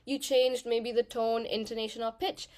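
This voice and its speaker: A woman, an actor and singer, giving a lively, encouraging voice workshop talk to an audience in a room. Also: a little high, moderate pace. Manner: animated, encouraging, demonstrates vocal changes.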